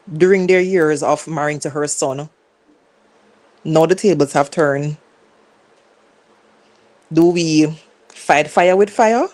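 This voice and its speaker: A woman's voice: lowish voice, a little mellow. A woman with a Caribbean English accent hosting a live reaction show, chatting casually and asking viewers questions. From Caribbean island.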